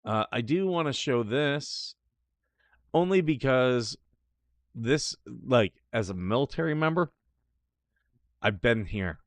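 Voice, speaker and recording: A man's voice: mid-range voice, lively intonation, takes it slowly, long pauses, no echo. A man hosting a live talk show, reacting to clips with scoffing, sarcastic remarks. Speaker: show host. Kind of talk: casual live commentary.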